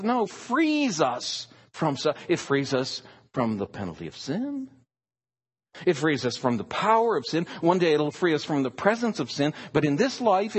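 A man's voice: high voice, big-room sound. A man preaching a sermon, emphatic and stressing single words.

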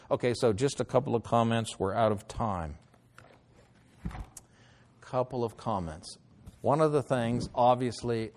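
A middle-aged man preaching a sermon, moving between loud declarations and hushed, pleading lines. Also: on the low side. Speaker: pastor.

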